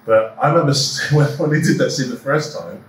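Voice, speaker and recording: Middle-aged male guest, rapid animated raconteur, distant echoey room sound. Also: mid-range voice, a little hiss or hum. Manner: animated storyteller who acts out quoted dialogue. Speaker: actor and producer, guest. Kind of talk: anecdotal interview chat.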